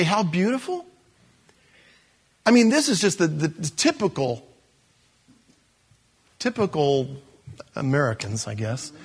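A man's voice: a little high, husky. A man teaching scripture as a pastor, chatty and storytelling, with restarts and sarcastic asides. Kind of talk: conversational Bible teaching.

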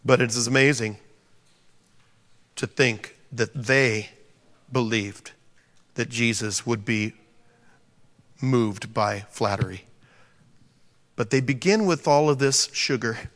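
A man preaching a sermon to a congregation, animated and joking, acting out the scripture quotes. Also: medium pitch, takes it slowly, long pauses. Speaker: pastor. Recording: long reverb of a large hall.

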